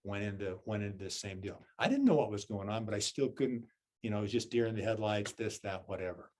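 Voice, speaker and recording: With a lowish, darkish voice, this Southern-accented Zen teacher talks fast and expressively during a dharma talk. He pokes fun at himself through a personal anecdote and keeps asking listeners "right?" and "okay?".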